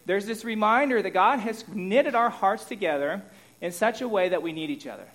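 Speaking at a moderate pace in a high-sitting voice, a pastor delivers a chatty sermon. He frequently engages his listeners directly and alternates between loud emphasis and quieter asides.

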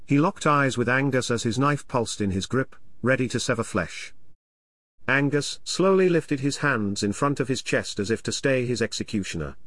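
Male narrator, mid pitch, lively melody, dry close sound; reads an audiobook chapter with measured storytelling. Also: no echo. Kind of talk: scripted narration.

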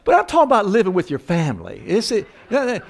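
A man's voice: sits high, huge pitch swings, fast, gravelly. An older man who works as a counselor, telling humorous, self-mocking stories and acting out the voices of the people in them. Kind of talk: humorous storytelling talk.

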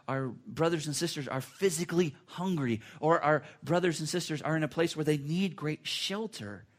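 A man preaching a sermon in an earnest, conversational way, with repetitions and restarts. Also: a little high. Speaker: pastor.

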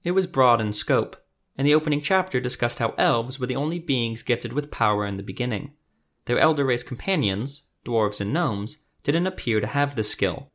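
A man narrating a fantasy story podcast in a measured, scripted storytelling manner. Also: medium pitch, animated, a bit bright.

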